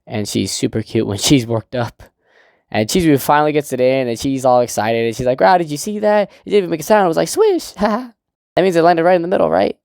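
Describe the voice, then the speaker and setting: A man's voice: medium pitch, gravelly, darkish tone, dry recording, clean studio sound. A young man reviewing a manga chapter in a casual, rambling recap, with swearing and laughter.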